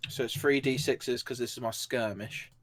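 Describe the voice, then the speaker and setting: A man talks through his character's fight moves in a tabletop game, stopping and restarting with plenty of fillers. His pitch sits in an ordinary middle range. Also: fairly even intonation, moderate pace, a little hiss or hum. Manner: rambling, full of fillers. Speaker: player. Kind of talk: describing actions in a tabletop game.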